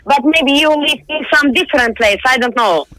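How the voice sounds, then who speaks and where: A woman's voice: high voice, normal speed, a bit bright, dry recording. A young woman in her twenties with a Russian accent and Russian as her first language, speaking blunt, irritated broken English on a phone call. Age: 20s. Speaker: prank call target.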